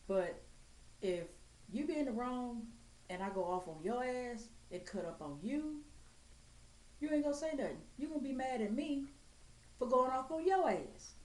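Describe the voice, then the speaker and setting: A woman's voice: on the high side, lively intonation, normal speed, long pauses, darkish tone. Blunt, profane woman ranting in an echoey room. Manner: blunt, profane, straight-talking. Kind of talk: blunt profane rant to camera. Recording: echoey room with faint ambient noise.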